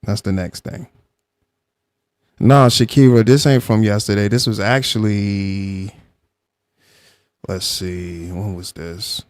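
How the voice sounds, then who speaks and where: Low-voiced man hosting a live reaction stream. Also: takes it slowly, long pauses, dry recording. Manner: argumentative, calm when explaining to chat.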